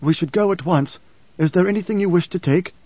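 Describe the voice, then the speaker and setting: A man's voice: sits high, brisk, mellow, no room sound, voice pushed up. A man doing a curt, grating swordsman. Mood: curt, tense. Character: tense male pilot and swordsman, harsh and curt. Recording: slightly dull dry recording.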